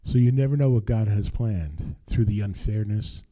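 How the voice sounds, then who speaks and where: A man's voice: on the low side, normal speed, warm tone, no room sound. An older man preaching a sermon as pastor, earnest and emphatic, repeating his key phrases.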